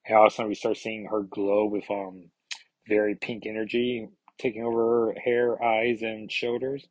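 A man's voice: on the low side, little pitch movement, moderate pace, a little mellow, dry recording, rough recording. A man hosting a podcast, chatting casually and hesitantly, with many fillers and restarts. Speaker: comics podcast host.

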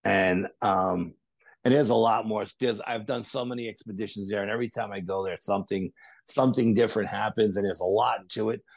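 A man, a podcast guest, telling animated stories in a casual interview and acting out other people's quotes. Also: lowish voice, fairly quick, vocal fry, no echo. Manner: animated anecdotes with acted-out quotes. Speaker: podcast guest, paranormal investigator.

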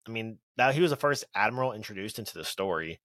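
A man's voice: lowish voice, lively intonation, quick pace, a bit bright, dry recording, studio quality. A man co-hosting a podcast in casual chat, laid-back and hesitant, restarting his sentences. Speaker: podcast co-host.

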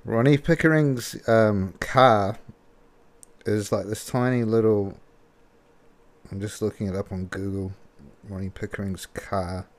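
A man's voice: lowish voice, unhurried. A man casually commenting on a video clip, laughing often and rambling with fillers. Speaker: reaction video host.

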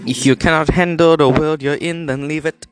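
A man's voice: fairly high pitch, fairly even intonation, moderate pace, over music. A young man co-hosting a podcast, crude and joking in casual chat. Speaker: podcast co-host.

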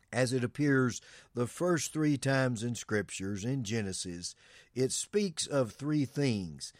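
A man's voice: medium pitch, no room sound, clean studio sound. A male pastor preaching an earnest sermon, reading Bible verses and explaining them to the congregation.

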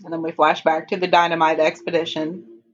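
A husky-voiced woman talks through a TV episode in a relaxed, chatty way. She laughs often and reads out the characters' lines in passing. The recording sounds dull and lo-fi. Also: low-pitched, brisk. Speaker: podcast co-host recapping a TV episode. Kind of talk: casual recap chat.

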